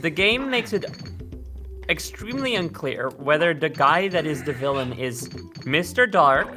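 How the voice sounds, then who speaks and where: A man's voice: fairly high pitch, animated, unhurried. A man streaming a game, chatting casually in a rambling way and swearing freely. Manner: rambling, swears freely, trails off mid-thought. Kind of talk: casual chat over gameplay. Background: game music.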